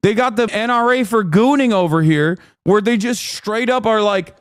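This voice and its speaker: A man in his thirties ranting on a casual livestream, profane and mocking, now and then breaking into loud put-on shouts. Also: sits high, moderate pace, hardly any pauses, dry recording, clean studio sound. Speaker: streamer.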